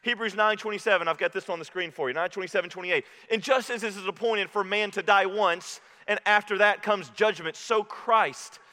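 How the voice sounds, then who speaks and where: Pastor guy preaching hard, bright tense voice, big echoey church hall. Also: fairly quick, few pauses. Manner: impassioned preaching, drops low and quiet for quotes. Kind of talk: sermon. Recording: reverberant hall.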